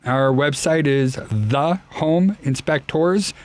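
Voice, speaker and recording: Radio host with a Chicago accent. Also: male voice, a little high. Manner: friendly, brisk plugs and read-outs. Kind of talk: radio talk show hosting.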